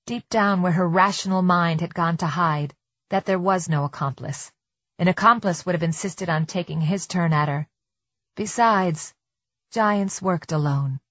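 A woman reading a suspense novel aloud in steady, measured scripted narration. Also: on the low side, dry recording, highs cut off. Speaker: audiobook narrator.

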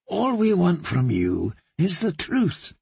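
A man voicing a gentle-sounding, quietly menacing older male torturer. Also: sits high, huge pitch swings, slow pace, vocal fry, breathy edge, no echo, pitched above the performer's own voice, exaggerated voice. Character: soft-spoken, sinister older male torturer.

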